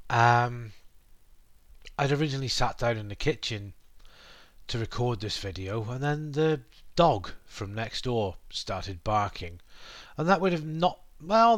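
A man's voice: mid-range voice, a bit bright, no room sound. Chatty British man, dry close sound. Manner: rambling and chatty, with frequent fillers and asides. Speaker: podcast host. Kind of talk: casual monologue explaining English words. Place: living room at home. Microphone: computer mic at a desk.

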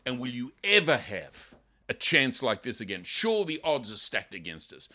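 An older man preaching a sermon, impassioned and building to loud dramatic passages. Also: mid-range voice, huge pitch swings, moderate pace. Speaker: pastor.

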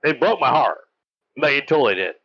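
A man's voice: medium pitch, big pitch swings, a little fast, a bit bright, breathy edge, lo-fi sound. A man co-hosting a podcast in casual chat, blunt and emphatic, swearing a lot. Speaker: podcast co-host.

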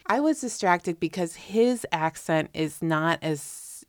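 A woman's voice: on the low side, animated, slow pace, no room sound, clean studio sound. A woman co-hosting a casual pop-culture chat, rambling playfully and restarting her sentences.

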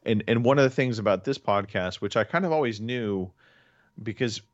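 A man with a lowish voice hosting a podcast, talking casually and rambling, circling back over his words. The sound is dry and a little dull. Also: normal speed, no room sound. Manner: rambling, restarts often. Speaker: podcast host. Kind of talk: casual chat.

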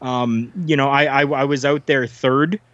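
A man from Canada tells a long story as a guest, full of fillers and restarts. His voice sits at an ordinary pitch and sounds dry and close. The recording is dull and lo-fi. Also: steady tone, unhurried, a bit bright, no echo. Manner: rambling, many fillers and restarts. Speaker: guest, former pro wrestler. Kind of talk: casual storytelling.

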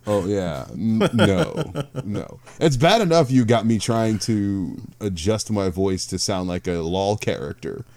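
A man's voice: lowish voice, animated, a little slow, few pauses, darkish tone, no room sound. A middle-aged man co-hosting a podcast, chatting casually and rambling with frequent self-corrections. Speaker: podcast co-host. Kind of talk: casual chat.

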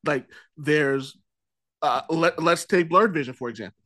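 A man's voice: on the high side, unhurried, a bit bright, dry recording. Boston-accented male podcast host, rambling and casual, dry close mic. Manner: rambling, loose, swears casually.

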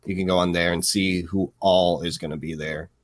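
A man's voice: sits low, fairly even intonation, normal speed, no room sound. A young married man co-hosting a podcast, rambling with lots of fillers and blunt swearing. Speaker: podcast co-host. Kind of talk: casual podcast chat.

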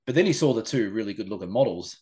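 A man, co-hosting a podcast and rattling off animated anecdotes. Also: on the low side, fast talker. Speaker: podcast co-host. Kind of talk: casual chat.

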